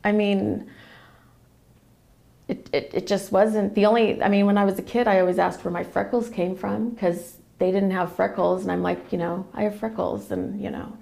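Woman with a gravelly creaky voice, chatty podcast guest, keeps acting out what everyone said. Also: mid-range voice, normal speed. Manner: animated retelling, acting out quoted dialogue. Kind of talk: casual storytelling.

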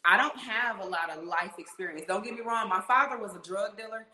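A woman telling a story in casual podcast chat, animated and blunt, acting out the voices of people in it. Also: mid-range voice, fairly quick. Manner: animated, acts out quoted voices, swears. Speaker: podcast guest. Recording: roomy echo.

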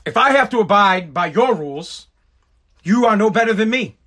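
A man's voice: high-pitched, expressive, normal speed, sharp tone, slight background noise. A man hosting a solo podcast, ranting in an exasperated, heavily profane way. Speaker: podcast host.

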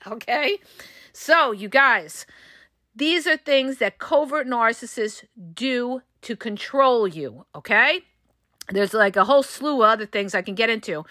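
Passionate, bright-voiced woman. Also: high-pitched, dry recording, studio quality. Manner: passionate, emphatic, blunt with swearing. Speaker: podcast host and coach. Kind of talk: solo podcast talk.

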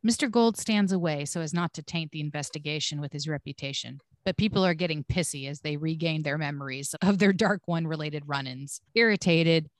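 A woman's voice: deep voice, a little fast, few pauses, dry recording, studio quality. A woman co-hosting a podcast, reading scripted episode recaps with blunt, swearing asides.

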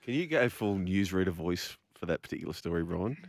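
A man with an Australian accent co-hosting a radio show, teasing and giggling through quick asides. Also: low voice, lively intonation, gravelly, no echo. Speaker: radio co-host. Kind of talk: comedic radio banter.

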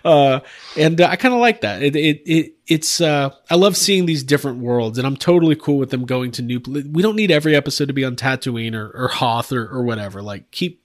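A man's voice: mid-range voice, brisk. A man co-hosting a late-night podcast, chatting casually and rambling with many fillers and frequent laughs. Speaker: podcast co-host. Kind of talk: casual group chat.

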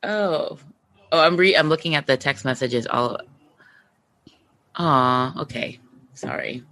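A woman's voice: low voice, slow, fairly bright tone. A woman co-hosting a casual podcast, telling stories with laughter and sarcasm. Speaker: podcast co-host.

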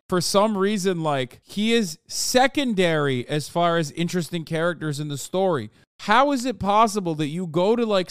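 Brief: rambling, cursing male streamer, smooth, dry close mic. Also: on the high side, dry recording. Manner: profane, excitable, rambling. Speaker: streamer reacting to a documentary. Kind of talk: casual reaction commentary.

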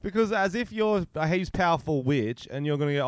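A man's voice: a little high, brisk, hardly any pauses, dry recording. A man co-hosting a podcast over a remote call, rambling through crude jokes. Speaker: podcast co-host. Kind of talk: crude casual banter. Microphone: remote call mic.

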